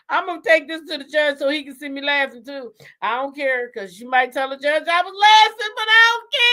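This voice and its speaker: Woman with a higher voice doing casual live stream gossip, cussing a lot, laughing all the time. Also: sharp tone. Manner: blunt, profane and laughing often. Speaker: host of a gossip show.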